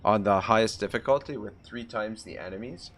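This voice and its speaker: A man's voice: fairly low pitch, brisk, a bit bright. A man with a Canadian accent streaming a strategy game, chatting with viewers and reading their messages aloud. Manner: rambling, reads chat aloud, many fillers and restarts. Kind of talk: live gameplay commentary, chatting with viewers.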